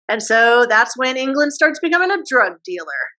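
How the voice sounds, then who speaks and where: A woman history teacher giving a casual classroom lecture, posing quick questions and using slang. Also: fairly high pitch, very animated, bright, forceful tone, poor audio.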